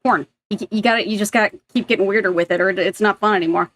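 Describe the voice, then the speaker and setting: A woman's voice: mid-range voice, very fast, fairly bright tone. Blunt swearing woman streamer. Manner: blunt, swears freely, rambling asides. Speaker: streamer reacting to clips. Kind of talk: casual reaction commentary.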